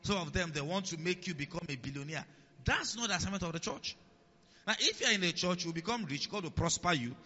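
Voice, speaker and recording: A male pastor preaching a sermon, often asking the congregation if they follow and repeating key lines, swinging between loud emphasis and quiet asides. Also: sits high, lively intonation, fast. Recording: long hall reverb, dull lo-fi sound.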